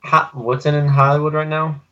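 A man's voice: on the high side, level tone, brisk, fairly bright tone, dull audio. A man co-hosting a podcast, rambling through grand setups in casual banter. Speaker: podcast co-host.

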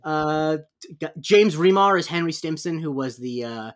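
A man hosting a podcast, reviewing a film in casual chat and running through the cast with quick asides. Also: a little high, lively intonation. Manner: chatty, lists cast members with asides. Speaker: podcast host.

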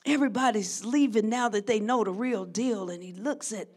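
A woman preaching a sermon who swings from hushed, drawn-out lines to shouted crescendos and calls out to her congregation. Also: a little high. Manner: call-and-response with the congregation.

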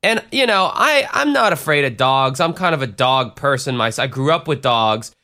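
A man's voice: mid-range voice, lively intonation, moderate pace, bright, forceful tone. A man hosting a podcast, telling a profane, rambling story in a self-deprecating way. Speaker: podcast host and DJ. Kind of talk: casual storytelling.

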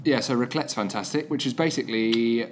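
A man's voice: mid-range voice, fairly quick, faint music behind. A man co-hosting a podcast, chatting casually and telling a rambling, playful story full of jokey tangents. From England. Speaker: podcast co-host. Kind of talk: casual chat.

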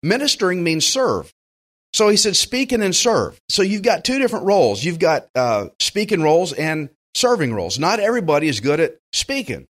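Southern preacher guy, folksy, gets animated, acts out what folks say. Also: high voice, moderate pace. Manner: folksy and animated, acting out quoted voices. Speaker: pastor. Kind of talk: sermon.

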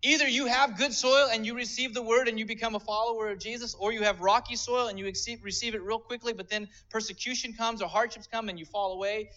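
A man's voice: sits high, steady tone, fast talker, hardly any pauses, pushed and bright, lo-fi sound. A man preaching a sermon, earnestly explaining scripture step by step. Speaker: pastor.

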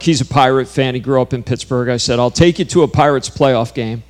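A man's voice: medium pitch, fast, hardly any pauses. A man preaching a sermon, telling a personal story in an earnest way that builds to intense, emphatic peaks.

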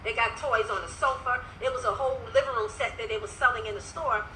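A woman life coach chatting to viewers on a phone livestream, telling a story with lively energy and dropping in praise to God. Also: on the high side, fast, slight background noise, low-quality recording. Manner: animated storytelling with religious interjections. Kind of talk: casual livestream talk to viewers.

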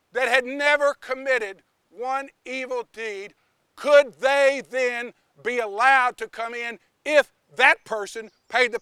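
A man voicing Wisdom as a calm male mediator who reasons softly and patiently. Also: very high voice, clear, resonant tone, no echo, exaggerated voice.

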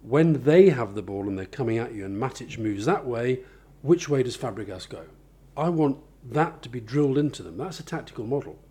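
A man with a mellow, husky voice talks through his ideas in a relaxed interview. He backs up each point with examples and often restarts his sentences as he thinks. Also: medium pitch, brisk, few pauses. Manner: thoughtful, explains with examples, many restarts. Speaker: author and interviewee. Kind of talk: conversational interview.

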